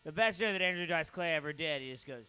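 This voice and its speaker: A man's voice: on the high side, lively intonation, fast, clear, resonant tone. A man hosting a comedy open mic, tipsy and rowdy, joking and hyping up the crowd between acts. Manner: rowdy, joking, hypes up the crowd, shouts bits. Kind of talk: emceeing a comedy night.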